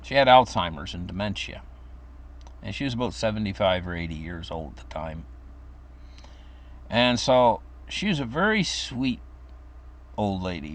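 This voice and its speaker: A man's voice: expressive, normal speed. An older man casually telling a story from his childhood, rambling with fillers and restarts. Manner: acts out quoted voices in a high pitch.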